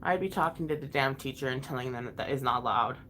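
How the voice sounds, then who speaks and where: A woman's voice: extremely low pitch, fast, fairly bright tone, slight background noise. A young woman and mother venting frankly to her live chat, emotional and swearing often as she restarts her sentences. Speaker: vlogger and mother.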